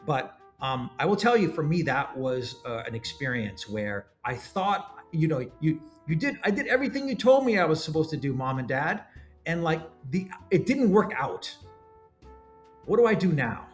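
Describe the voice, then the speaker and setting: A middle-aged man from Canada telling his story as a startup founder in an interview, animated and often restarting his words. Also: a little high, moderate pace, soft background music.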